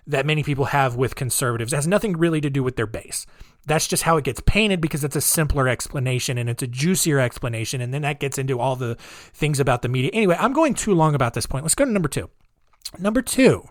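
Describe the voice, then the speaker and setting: A man's voice: a little high, dry recording. Chatty man hosting a podcast, dry sound. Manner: rambling and chatty, with many fillers and restarts. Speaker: podcast host. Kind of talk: casual solo podcast monologue.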